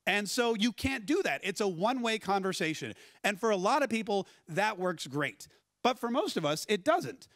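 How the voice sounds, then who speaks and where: A man giving a conference keynote talk, telling stories in a lively, conversational way and putting questions to the audience. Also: high voice, normal speed, no echo. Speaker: keynote speaker. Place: conference stage.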